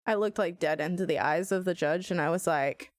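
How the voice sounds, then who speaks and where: A young adult woman streamer telling a story in a casual, animated way while playing a game. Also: fairly low pitch, a little fast, no room sound, studio quality. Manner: animated, swearing, laughing storyteller.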